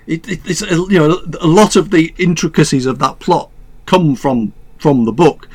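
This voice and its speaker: Enthusiastic rambling man, high voice. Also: normal speed, darkish tone. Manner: enthusiastic, rambling, frequent restarts and laughs. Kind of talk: casual film discussion.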